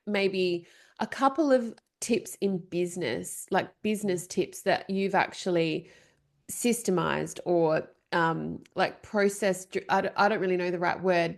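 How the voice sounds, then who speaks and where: A woman hosting a podcast, affirming her guest and asking loose, wordy questions. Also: mid-range voice. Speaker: podcast host. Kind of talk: casual interview chat.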